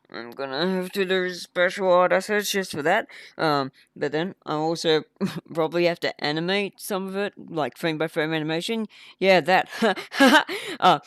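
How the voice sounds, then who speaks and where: Indie dev man on a livestream: chatty, self-mocking, clear voice, dry sound. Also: on the high side, fairly bright tone, dry recording. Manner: rambling, chatty, laughs at himself. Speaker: indie game developer streaming. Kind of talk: casual livestream chat.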